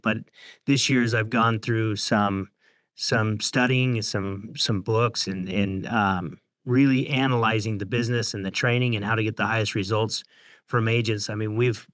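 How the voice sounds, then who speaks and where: A man leading a real estate brokerage's training program, talking reflectively and halting often with fillers. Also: on the low side, fairly even intonation, a bit bright, no echo. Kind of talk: casual business discussion.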